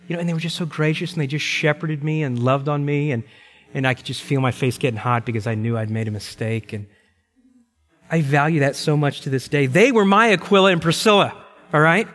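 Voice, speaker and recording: Middle aged pastor guy preaching, leans on key lines, kinda higher voice, big echoey sanctuary. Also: a bit bright. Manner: emphatic, repeats key phrases slowly. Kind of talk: sermon. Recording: long reverb in a large hall.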